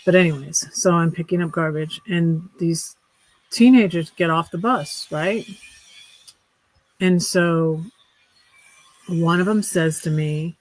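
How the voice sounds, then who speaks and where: A woman's voice: lowish voice, slow pace, pauses often, darkish tone, dry recording, rough recording. A woman vlogging from her tiny house, telling a casual story in a rambling way with wry, sarcastic humor. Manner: rambling, restarts often, with many fillers.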